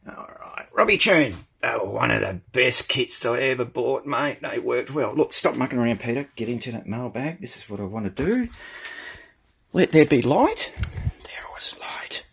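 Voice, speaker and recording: A middle-aged Australian man hosts a casual stream, rambling along and calling his viewers "mate". His voice is gravelly with a husky edge, and it swings lively up and down as he talks. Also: medium pitch, moderate pace. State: short of breath. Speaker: channel host. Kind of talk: casual live-stream chat.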